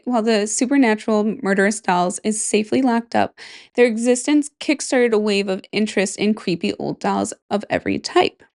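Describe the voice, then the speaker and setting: A woman's voice: mid-range voice, a little mellow. Chatty Midwestern woman podcast host. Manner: chatty, rambling, jokey asides and self-interruptions. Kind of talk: casual podcast chat, reading a list aloud.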